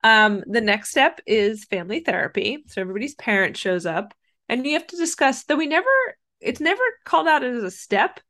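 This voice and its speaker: A woman's voice: a little high, animated, brisk, pushed and bright. A woman co-hosting a casual chat, recapping a film with laughs. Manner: chatty, laughs while telling. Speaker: podcast co-host.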